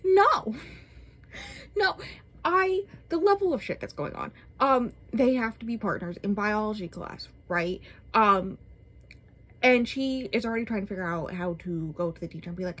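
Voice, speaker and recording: A woman's voice: on the high side, moderate pace. A young woman vlogging a casual, exasperated book rant, with lots of "like" and "um". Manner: animated, exasperated, lots of filler words. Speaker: book reviewer.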